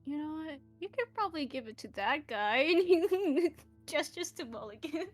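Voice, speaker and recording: Female player, casual and giggly, slightly high pitch. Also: expressive, moderate pace, faint music behind. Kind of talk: tabletop role-play.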